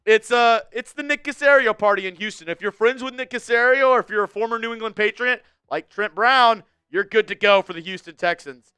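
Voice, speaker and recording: Bright, high-voiced male sports streamer. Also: brisk, hardly any pauses, clear, resonant tone, no echo, studio quality. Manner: casual, animated fan-style ranting. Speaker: sports show host. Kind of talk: live-stream sports talk.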